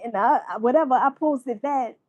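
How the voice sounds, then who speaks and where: A woman vlogger, telling a story in profane, animated casual commentary and laughing often. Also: high voice, moderate pace, highs cut off, background noise.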